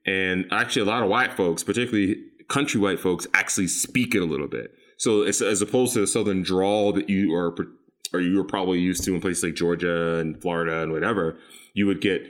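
A man's voice: deep voice, brisk. A man from South Carolina, a podcast guest, talking casually and rambling, with frequent laughs. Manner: laid-back, rambling, laughs often.

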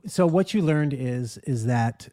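A man's voice: medium pitch, lively intonation, a little slow, dark tone, dry recording, clean studio sound. A man co-hosting a podcast, making blunt, wry remarks in casual chat. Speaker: podcast co-host.

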